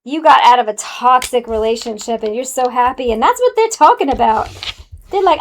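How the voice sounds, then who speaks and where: A woman's voice: fairly high pitch, expressive, a little fast, slight background noise. A woman giving a casual, sassy spiritual card reading to the viewer, calling them honey. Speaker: tarot card reader.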